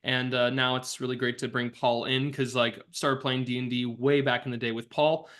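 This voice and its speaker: A man's voice: mid-range voice, flat delivery, moderate pace, a bit bright. A man hosting as game master, upbeat and chatty, with plenty of "uh" fillers. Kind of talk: casual chat hosting a tabletop game.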